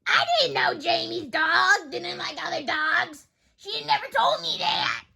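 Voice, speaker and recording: A woman voicing a brash, rude woman neighbor who yells, in an amateur role-play video. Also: very high voice, measured pace, creaky, heavily acted. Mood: defensive. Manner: loud, yelling, rude. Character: brash shrill woman neighbor, dog owner, smoker.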